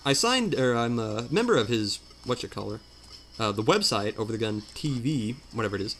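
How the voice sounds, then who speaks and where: A let's play commentator talks at home through a game, casual and rambling, mocking himself with plenty of fillers. His mid-range voice is very animated and fairly quick with a bit of brightness, and there's a little hiss or hum in the recording.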